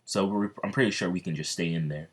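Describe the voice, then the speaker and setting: Rambling deep-voiced male storyteller. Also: slightly rough. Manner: rambling, halting, many fillers and restarts. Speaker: fan storyteller. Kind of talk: casual fan-fiction narration.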